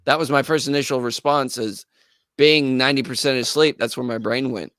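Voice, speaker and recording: A man with a smooth, resonant voice tells a story in a relaxed, animated way, jumping into the voices of the people he describes. The sound is dry and close, from a podcast studio. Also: medium pitch, a little fast, no echo. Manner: animated, acts out quoted voices. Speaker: guest musician. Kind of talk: casual storytelling.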